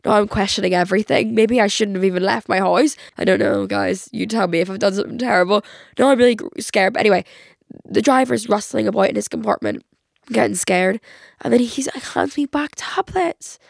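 Croaky young woman with a cold. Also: mid-range voice, brisk, no room sound, clean studio sound. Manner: chatty, rambling, lots of "like". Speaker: podcast host. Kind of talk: casual solo monologue. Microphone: podcast microphone.

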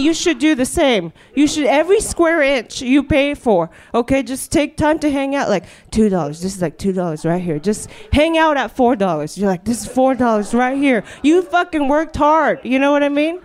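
High-voiced woman comedian hosting a show. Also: lively intonation, normal speed, hardly any pauses, darkish tone. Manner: rambling, riffing, full of "you know". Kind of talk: stand-up monologue and live show hosting. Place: stage before a live audience.

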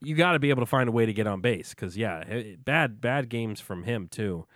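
A man's voice: on the low side, animated, brisk, fairly bright tone, no room sound, clean studio sound. A man co-hosting a casual sports podcast, chatting loosely and rattling off player stats over a remote call. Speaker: podcast co-host. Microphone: remote call mic.

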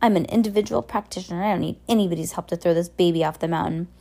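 A woman voicing a cruel, boastful adult male villain in a storybook, barking orders and gloating in a low, mellow voice. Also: very fast, creaky. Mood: ranting.

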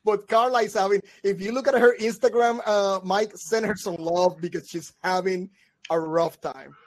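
A man's voice: high voice, moderate pace. Guy telling a wild story on a podcast, acts out the voices, keeps laughing. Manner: animated storyteller who acts out quoted voices and laughs often. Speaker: podcast co-host. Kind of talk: casual chat, storytelling.

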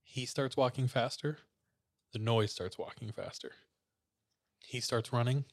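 A man's voice: mid-range voice, unhurried. A man casually retelling a creepy story, full of fillers. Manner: relaxed storyteller, many "like" fillers.

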